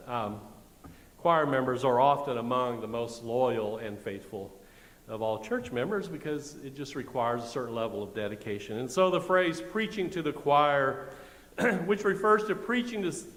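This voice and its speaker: Wry pastor in an echoey church. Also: male voice, medium pitch, fairly bright tone. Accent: Midwestern American. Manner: conversational and wry, with asides to the congregation. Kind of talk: sermon. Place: church sanctuary. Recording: echoey church with long reverb.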